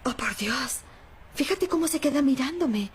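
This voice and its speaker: A gushing, high-voiced young woman. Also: expressive, a little fast, slightly rough, heavily acted. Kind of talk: Spanish TV sitcom dub.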